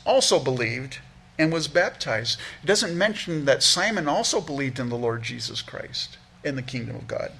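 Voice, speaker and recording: Man, pastor, expository sermon, husky voice, earnest, verse-by-verse teaching. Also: medium pitch, expressive, moderate pace, bright, forceful tone. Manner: earnest, explains verse by verse, repeats words while restarting.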